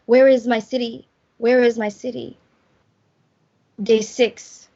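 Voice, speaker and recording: A woman poet giving a slow, measured poetry reading over a video call. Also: fairly high pitch, level tone, warm tone. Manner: slow, measured delivery with drawn-out lines. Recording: muffled video call audio.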